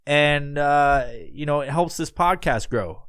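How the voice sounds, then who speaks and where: His voice is fairly high pitched, clear and resonant, a bit bright, at a measured pace on a dry recording. A man in his thirties wrapping up his own solo podcast, he rambles casually, profane and full of filler words.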